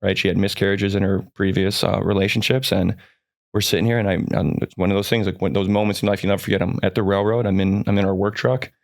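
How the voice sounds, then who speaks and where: A man in his forties with a fairly low voice, telling stories from his life as a guest on a podcast. He rambles with plenty of restarts and keeps an earnest, upbeat tone. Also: fairly even intonation, quick pace, gravelly. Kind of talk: personal storytelling in a podcast chat.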